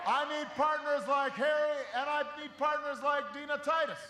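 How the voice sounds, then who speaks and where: A man's voice: very high voice, steady tone, moderate pace, reverberant, very noisy. A man giving a rousing campaign speech at a rally, raising his voice over the crowd. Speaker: political speaker at a rally. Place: large rally venue.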